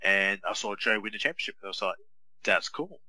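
A man's voice: fairly low pitch, level tone, fast, bright, forceful tone, no room sound, rough recording. A man, co-hosting a casual wrestling chat in an easygoing, rambling way with many fillers. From Australia. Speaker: podcast co-host.

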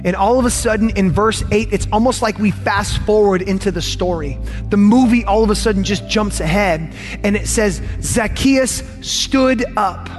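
A pastor preaching a sermon, earnest and emphatic, with words he repeats for weight and some lines dropped to a hush. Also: high-pitched, moderate pace, soft background music.

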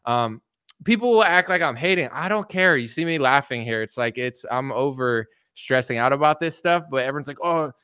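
Young male host, bright clear voice, animated rambling commentary, dry close sound. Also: mid-range voice, a little fast, no room sound. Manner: animated, rambling, laughs often. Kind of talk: casual political commentary chat.

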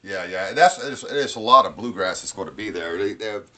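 A man's voice: on the low side, expressive, a little fast, bright, forceful tone. A young adult man from North Carolina hosting a podcast, chatting loosely and cursing freely as he banters with his co-host and guest. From North Carolina, USA. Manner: loose, profane, laughing banter. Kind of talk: casual podcast chat.

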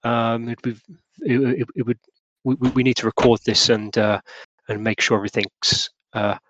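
A man voicing an eager, pompous Victorian gentleman who heads a committee and speaks fussily and politely, often stammering. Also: mid-range voice, steady tone, moderate pace, no echo, dull audio, close to an everyday voice. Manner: fussy, stammering, overly polite.

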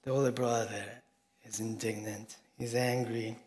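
A man preaching a sermon, telling a story earnestly and swinging between soft and emphatic delivery. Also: medium pitch, little pitch movement, measured pace.

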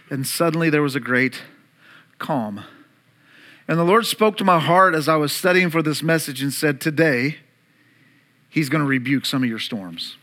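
High, bright-voiced animated man preaching. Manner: animated preaching, acts out disciples' panic and Jesus' calm. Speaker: pastor. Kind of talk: sermon. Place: church room.

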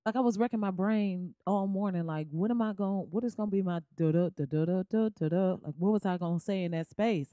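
Young woman podcast host, loose comedic rant, slangy and animated, dry close mic. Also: medium pitch, fairly quick, few pauses, no room sound. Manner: animated, slangy, beatboxes and riffs.

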